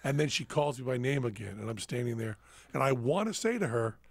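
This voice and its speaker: A man's voice: mid-range voice, very animated, a little fast, vocal fry, no room sound. A man hosting a podcast, telling a self-mocking story and acting out the dialogue. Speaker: host. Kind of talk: casual storytelling chat.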